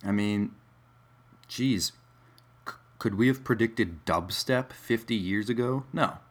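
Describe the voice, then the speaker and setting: A man's voice: on the low side, slow pace. A man musing in a casual, rambling monologue, wry and digressive, with many fillers.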